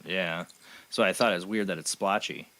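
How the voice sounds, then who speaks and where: A man's voice: low-pitched, fairly even intonation, moderate pace, fairly bright tone. A man hosting a paranormal radio show, reading news items aloud and giving blunt, opinionated commentary. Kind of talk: casual chat.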